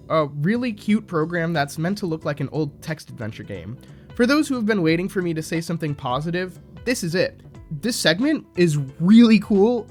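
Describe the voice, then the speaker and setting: A man with a slightly high voice delivers scripted commentary, critical and sarcastic in tone. Faint music plays quietly underneath him. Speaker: video essayist.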